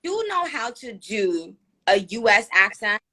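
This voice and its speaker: A woman's voice: medium pitch, a little slow. A woman with a New York accent hosting a live stream, chatting casually with many fillers. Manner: chatty, animated, lots of fillers.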